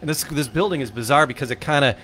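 A man with a Midwestern American accent hosting a casual podcast, telling animated stories. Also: mid-range voice, quick pace. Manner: animated storyteller, acts out quotes. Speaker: podcast host. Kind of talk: casual chat.

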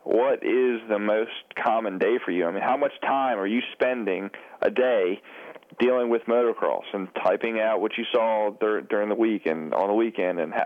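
A man hosting a podcast interview, asking long, winding questions. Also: fairly low pitch. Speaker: podcast host. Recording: tinny phone line.

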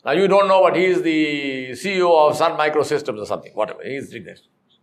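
A man's voice: a little high, animated, fast talker. Emphatic man. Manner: emphatic, rhetorical questions, storytelling with blunt humor. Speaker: corporate trainer. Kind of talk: classroom lecture.

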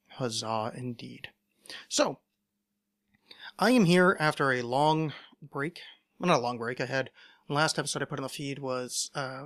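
A man from the United States hosts a solo podcast at an ordinary middle pitch. He rambles loosely from thought to thought, undercutting himself with dry, self-mocking asides. It sounds like someone chatting casually into a home microphone. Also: fairly bright tone. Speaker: podcast host.

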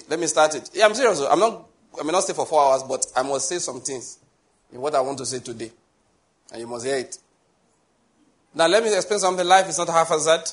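A man with a Nigerian accent preaching a sermon as pastor, joking and digressing, then slowing down to spell out his points one by one. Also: fairly high pitch. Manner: joking, digressive, laughs often between points; slow, spelled-out teaching with lists.

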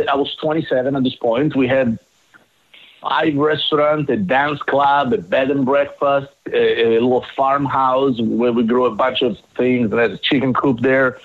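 A man, a guest telling a story in an interview. He talks in an animated way, swears and often restarts his sentences. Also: medium pitch, unhurried, narrow, tinny audio. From Italy.

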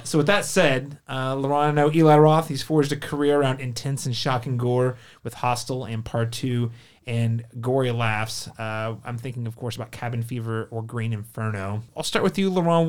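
A man's voice: mid-range voice, fairly even intonation, moderate pace, smooth. A man hosting a movie review podcast, chatting casually with lots of fillers and restarts. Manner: chatty, enthusiastic, filler-heavy. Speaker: podcast host.

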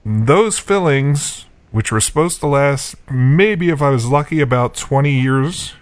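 A man's voice: medium pitch, expressive, a little slow, no room sound. A man hosting a podcast, telling a rambling, self-mocking story in a casual chat with many fillers and chuckles. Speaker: podcast host.

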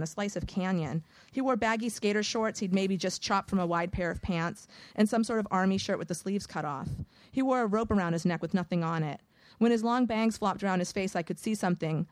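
A woman reading a first-person audiobook in a measured, wry storytelling manner. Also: medium pitch, dry recording. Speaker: audiobook narrator.

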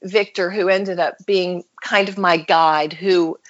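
A woman's voice: lowish voice, slow pace, highs cut off. A woman, a podcast guest, telling a personal story in an interview and acting out the voices of the people she quotes. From United States. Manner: animated storyteller who acts out quoted voices.

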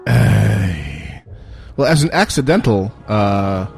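A man hosting a casual internet radio talk show, trading quick jokes and banter. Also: fairly low pitch, lively intonation, gravelly, darkish tone, soft background music. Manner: jokey, quick banter with mock voices.

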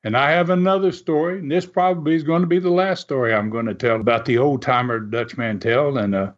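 On dull, lo-fi podcast audio, a male host with a mid-range voice tells a casual story. He talks a little fast but keeps an easygoing feel, rambling and dropping plenty of "uh" fillers.

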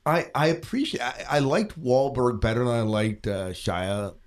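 A man's voice: medium pitch, lively intonation, moderate pace. A middle-aged man hosting a podcast, talking casually with frequent restarts. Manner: rambling, hesitant, many restarts and laughs. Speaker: podcast host.

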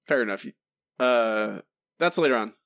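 A man co-hosting a casual comics podcast, talking quickly and joking with his co-host. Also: medium pitch, expressive, gravelly, fairly bright tone, no echo. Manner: quick, joking, laughs often.

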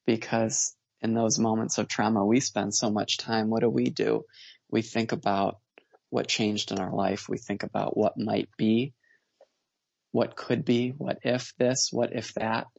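A man telling his family's story as a podcast guest, earnest and measured, pausing and restarting as he reflects. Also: lowish voice, little pitch movement, vocal fry, a little mellow, no room sound, muffled recording. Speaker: guest, father.

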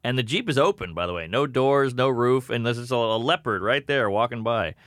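A man's voice: mid-range voice, expressive, a little fast, fairly bright tone, no echo. A man comedian co-hosting a casual podcast, telling crude stories with dry humor. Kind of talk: casual chat.

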